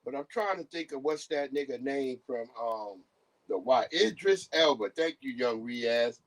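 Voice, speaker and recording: A man's voice: medium pitch, animated, a little slow, dry recording. A man hosting a livestream who talks in casual, profane commentary and acts out the voices of people he quotes. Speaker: livestream host.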